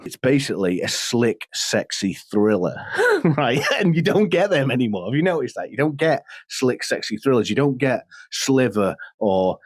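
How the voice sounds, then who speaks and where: A man co-hosting a casual podcast, an animated storyteller who laughs often and slips into impressions. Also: medium pitch, normal speed, hardly any pauses, husky, no room sound. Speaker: podcast co-host. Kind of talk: casual chat.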